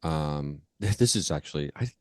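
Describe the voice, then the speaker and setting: Recorded in clean studio sound with no room echo, an Ohio man hosts a podcast in a loose, rambling interview style full of filler words and false starts. His voice is very deep and animated, and he speaks a little slowly.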